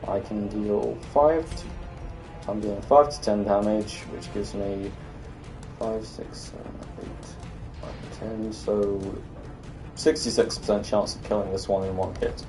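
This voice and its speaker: A man's voice: on the low side, steady tone, measured pace, warm tone, far from the mic, faint music behind. A young British man giving casual, sardonic commentary while streaming a game, muttering to himself and breaking into exasperated rants.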